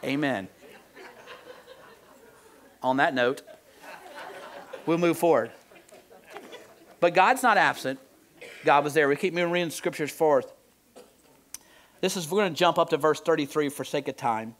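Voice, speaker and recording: Earnest, animated male preacher. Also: a little high, a faint crowd. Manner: earnest and conversational, swinging between soft, slow emphasis and animated outbursts. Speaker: pastor. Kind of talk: sermon. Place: church sanctuary.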